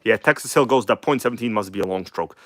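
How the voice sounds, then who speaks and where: A man with a slight accent hosting a casual live stream, chatting loosely, swearing now and then and reading magazine text aloud in a halting way. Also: on the low side, fairly bright tone, no echo, studio quality. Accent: non-native English accent. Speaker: host of a live RC car stream. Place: home workshop in Queens.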